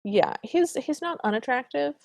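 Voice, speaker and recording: A woman's voice: high voice, normal speed, creaky, dry recording. Chatty woman podcast co-host, dry sound. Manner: animated, opinionated storytelling. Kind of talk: casual chat recapping a film.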